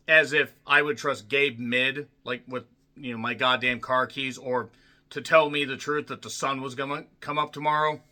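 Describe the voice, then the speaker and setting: A man reviewing a wrestling show in a profane, angry rant that swings between yelling and muttering. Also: mid-range voice.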